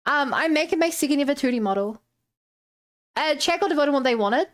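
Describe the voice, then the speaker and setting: High-voiced young woman streamer. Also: animated, fairly quick. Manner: chatty and rambling, greets viewers, many "um"s and restarts. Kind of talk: casual live-stream chat while drawing and rigging.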